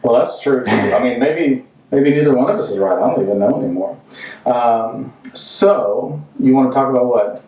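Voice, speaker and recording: A man on a home renovation job site, chatting casually and rambling through deadpan, self-mocking jokes. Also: mid-range voice, moderate pace. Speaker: contractor and vlog host. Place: house under renovation, indoors. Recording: roomy, distant, dull sound.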